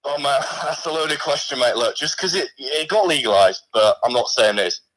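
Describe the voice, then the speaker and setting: A man's voice: mid-range voice, expressive, moderate pace, a bit bright, poor audio. A man voicing a laid-back male ghost of a severed hand with a put-on Australian accent, casual and matey, as a comedy phone-in caller. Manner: matey, casual, calls everyone mate.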